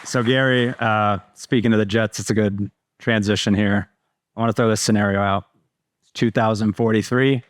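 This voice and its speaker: A man hosting a live stage interview, asking questions briskly and setting up playful scenarios. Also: lowish voice, steady tone, no echo, a faint crowd. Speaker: interviewer host. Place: live event stage with audience.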